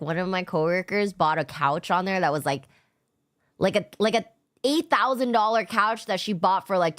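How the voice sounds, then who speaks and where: A woman's voice: on the low side, a bit bright. A young adult woman streamer chatting casually with her chat, laid-back, swearing often and laughing a lot. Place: home streaming setup.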